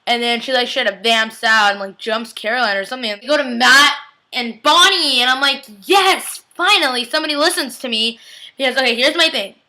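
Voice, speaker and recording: A woman's voice: fairly high pitch, sharp tone, low-quality recording. A young woman giving a casual, chatty TV episode recap, gushing and peppering her talk with "like". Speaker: TV recap vlogger.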